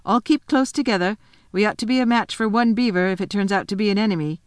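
A woman reading a storybook voices the eldest boy, a steady leader who takes charge. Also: mid-range voice, fast talker, no room sound, studio quality, natural voice. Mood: decisive. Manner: decisive, taking charge.

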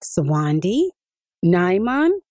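A woman voicing an eager, excited little village boy in a high, bouncy voice. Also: slow, no echo, clean studio sound.

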